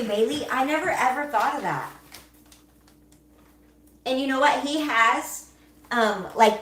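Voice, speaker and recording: A young woman hosts a casual livestream and chats with her viewers. Her pitch swings up and down a lot. She laughs often and answers the chat as she talks. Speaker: livestream host.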